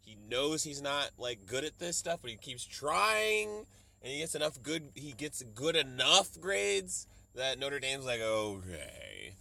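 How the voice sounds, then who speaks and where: A young adult man hosting a solo podcast, rambling and profane as he riffs, slipping into quick mock voices to quote people. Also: fairly high pitch, lively intonation, creaky, sharp tone. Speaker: podcast host. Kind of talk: solo comedic podcast rant.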